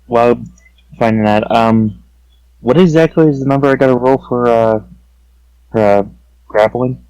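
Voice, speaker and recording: A man's voice: mid-range voice, moderate pace, a little mellow, clear, resonant tone, dry recording, poor audio. A man playing a tabletop game over voice chat, casual and asking rule questions. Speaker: player.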